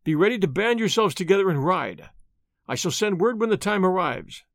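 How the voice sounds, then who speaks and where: Here the storybook's bold masked highwayman, read by a man, again lectures with lofty disdain and a commanding air. His high voice is animated and ranges widely in pitch, moving a little fast, with a dry, close sound and no room sound.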